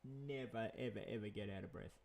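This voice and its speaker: A man's voice: on the low side, a little fast, vocal fry, darkish tone. A man, chatting in a rambling vlog monologue, repeating himself and chuckling often. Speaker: vlogger.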